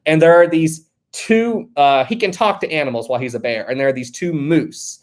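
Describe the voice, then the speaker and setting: Live-stream host, casual chat, jokey, laughs often, reading out chat, middle pitch. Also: normal speed. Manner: chatty and jokey, laughs a lot; thinks aloud, with many fillers and restarts.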